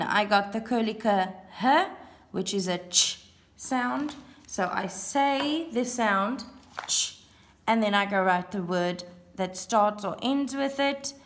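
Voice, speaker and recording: Woman, primary teacher, very slow and deliberate, phonics lesson for young learners. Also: mid-range voice. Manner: slow, clear, sounding out letters and counting aloud.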